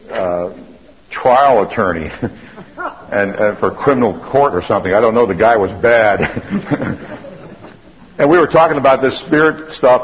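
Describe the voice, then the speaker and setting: A man giving an anecdotal lecture in a loose, conversational storytelling manner, often restarting his sentences. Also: on the low side. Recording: dull lo-fi recording.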